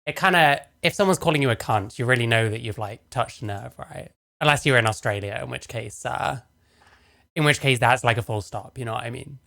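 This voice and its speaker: Gravelly-voiced sarcastic woman streamer. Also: extremely low pitch, brisk, a bit bright. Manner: sarcastic, laughs often, swears. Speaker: streamer reacting to clips. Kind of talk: casual stream commentary.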